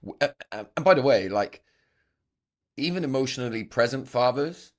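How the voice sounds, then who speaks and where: A man's voice: mid-range voice, animated, moderate pace. A man hosting a podcast interview, reflective and thinking aloud, with frequent restarts. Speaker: podcast host. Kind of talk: conversational interview.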